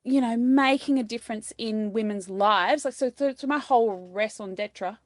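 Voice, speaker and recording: A woman's voice: a little high, moderate pace, no echo, clean studio sound. A woman hosting her podcast in a conversational interview, chatty, with self-deprecating asides. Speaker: podcast host.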